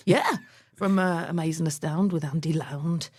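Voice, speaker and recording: A woman's voice: deep voice, fairly even intonation, moderate pace, darkish tone, slightly rough. Giggly woman hosting a podcast. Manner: giggly, lots of laughing. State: hungover. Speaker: podcast co-host. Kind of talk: casual chat.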